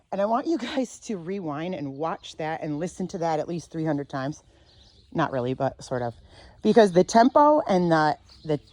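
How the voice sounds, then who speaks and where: A woman dog trainer teaching outdoors, calm and sure as she explains leash handling. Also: fairly low pitch, dry recording. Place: outdoors near a fenced dog area.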